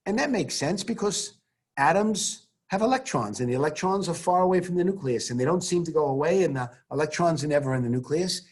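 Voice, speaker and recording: A man teaching a science class over a video call, animated and theatrical, full of rhetorical questions. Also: fairly high pitch, a little fast, slightly rough.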